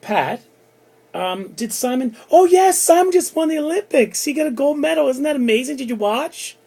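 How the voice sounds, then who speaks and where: A man voicing a proud middle-aged stepmother who gushes in a high, bragging voice. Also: big pitch swings, fast talker, vocal fry, mellow, husky, exaggerated voice. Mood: gushing. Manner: gushing, high-pitched bragging.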